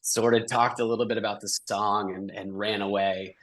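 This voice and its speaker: A man with a fairly low voice tells a story on a podcast in an easy, self-deprecating way. He acts out what he said, rising into higher, sheepish voices. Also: flat delivery, moderate pace, a bit bright. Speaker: podcast co-host. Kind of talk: casual chat.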